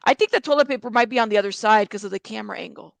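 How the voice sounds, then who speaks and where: A woman's voice: medium pitch, very fast, creaky, no echo. A woman commentating casually on bodycam footage, talking straight to her viewers. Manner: chatty, addresses viewers directly. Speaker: true crime commentator.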